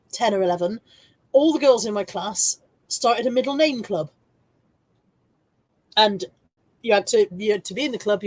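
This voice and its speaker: A woman's voice: mid-range voice, a little mellow, no room sound. A woman in her forties from England, chatting casually on a livestream, reading out viewer comments, self-mocking and laughing often. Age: 40s. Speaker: reseller livestream host.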